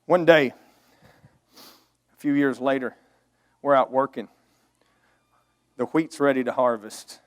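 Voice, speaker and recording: A man's voice: medium pitch, slow pace, pauses often. A middle-aged man preaching a storytelling sermon, earnest and emotional, swelling to emphatic outbursts.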